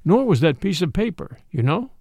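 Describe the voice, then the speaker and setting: A soft-spoken, genial old priest with a calm, easy manner, quiet and gentle even in a grim moment, as a male narrator puts him on. A gravelly texture runs under the voice, heard close with no room sound. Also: a little high, normal speed, dry recording.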